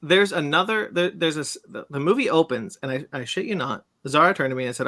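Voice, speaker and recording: A man's voice: a little high, fast, pushed and bright. A man hosting a casual podcast chat, ranting animatedly and swearing as he recaps a film. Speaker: podcast host.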